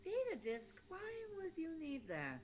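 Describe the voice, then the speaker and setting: A curious game princess, read by a woman, with a lively, bouncing pitch and a slightly high voice. She sounds chatty and lightly teasing. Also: unhurried, very noisy, full character voice.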